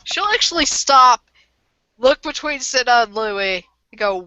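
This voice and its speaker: A woman runs a tabletop game as game master in a relaxed, profane way. She talks slowly with a bright, forceful tone. The voice-chat sound is dull and dry. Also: high-pitched, smooth, dry recording.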